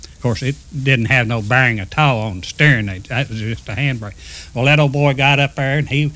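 A man swaps railroad yarns in an easy, folksy way. His voice sits at an ordinary middle pitch, and he acts out the lines of the people in his stories. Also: brisk, fairly bright tone. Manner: folksy yarn-spinner, acts out quoted speech. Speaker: retired railroader telling stories. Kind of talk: casual storytelling.

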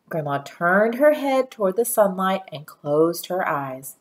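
A woman reading a children's storybook aloud in a gentle, steady storytelling manner. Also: medium pitch, unhurried, few pauses. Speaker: narrator.

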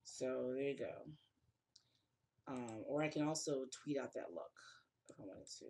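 Exhausted blogger narrating a screen tutorial; raspy, creaky voice, loose and thinking out loud. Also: medium pitch, moderate pace, long pauses. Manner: rambling, thinking aloud with restarts. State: tired, yawning. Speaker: fashion blogger.

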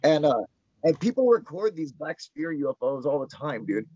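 A young man, an interview guest, telling an excited story, swearing often and filling his talk with "like". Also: a little high, normal speed, slightly rough, no echo. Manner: excited, swears a lot, heavy filler "like". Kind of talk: casual storytelling. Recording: dull lo-fi sound.

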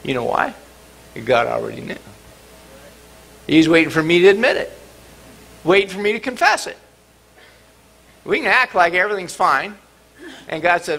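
A middle-aged man preaching a sermon in church, dramatic and expressive, sometimes acting out cries and shouts. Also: sits high, normal speed, gravelly, pauses often. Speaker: pastor. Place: church sanctuary.

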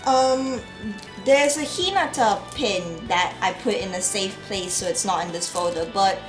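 A young woman vlogger gushes and rambles about her art haul in casual chat, full of fillers and restarts. Her medium-pitched voice moves at a measured pace in an echoey room with faint music.

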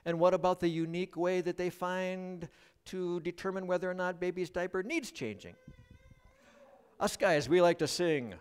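A middle-aged male pastor preaching a sermon at a church service, joking with the congregation as an animated storyteller. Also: sits high, moderate pace, smooth. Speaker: guest pastor.

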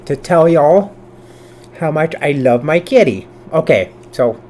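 A man hosting a reaction video in casual, profane commentary, swinging between loud outbursts and low mutters, sometimes cooing baby talk at his cat. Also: lively intonation, measured pace.

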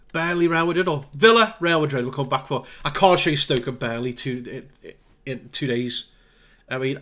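A man with a slightly raised voice talks through a football management game as a casual let's-play. He narrates the action play-by-play, makes dry jokes at his own expense, and gets excited when goals go in. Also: on the high side. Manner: wry, self-deprecating asides. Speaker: gaming video creator.

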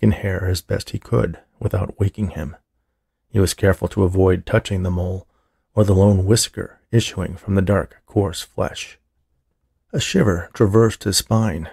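A man reading a horror story aloud as narrator, steady and measured, with a husky, creaky voice. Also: fairly low pitch, no room sound, studio quality. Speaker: audiobook narrator.

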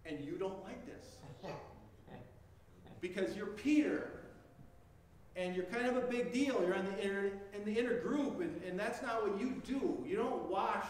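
A man's voice: high voice, a little slow, pauses often, far from the mic. A male pastor delivering a sermon, telling the story in vivid second person in a conversational way. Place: church sanctuary. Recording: echoey church heard from afar, faint noise.

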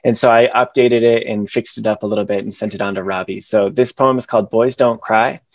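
A man's voice: lowish voice, fairly even intonation, brisk, dry recording. Passionate young man, dry dull sound. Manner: passionate, rhythmic spoken-word delivery. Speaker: educator giving a presentation. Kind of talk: presentation with performed slam poetry.

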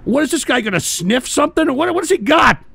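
A man hosting a live stream, loudly mocking and narrating what he sees on another streamer's feed. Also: very high voice, very animated, quick pace, creaky. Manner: mocking, exclaiming, puts on a slurred British drawl. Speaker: streamer host. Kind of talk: excited live-stream commentary.

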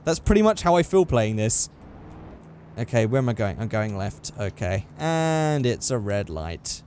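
A man's voice: fairly low pitch, very animated, measured pace, a little mellow, slight background noise. A young man giving sarcastic, exasperated running commentary while playing a driving game. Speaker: gaming channel host. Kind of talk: let's play commentary.

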